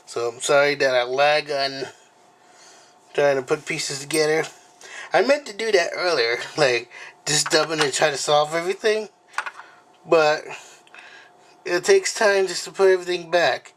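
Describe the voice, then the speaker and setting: A man hosting a casual unboxing vlog at home, talking in a rambling, halting way with many fillers and apologies, recorded on the camera mic. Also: a little high, a bit bright. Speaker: video host.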